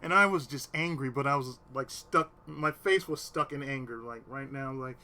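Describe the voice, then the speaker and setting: A man's voice: medium pitch, moderate pace, few pauses, sharp tone. A man telling a long personal story to his stream in casual, swearing-heavy talk, sometimes dropping to a near whisper to quote himself. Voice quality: swears a lot, drops to a whisper when quoting himself.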